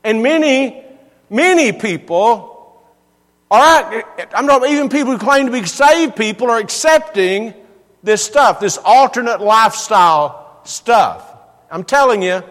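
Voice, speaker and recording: A man's voice: extremely high pitch, animated, a little slow, fairly bright tone, big-room sound. A man preaching a sermon in a church, earnest and given to repeating words for emphasis.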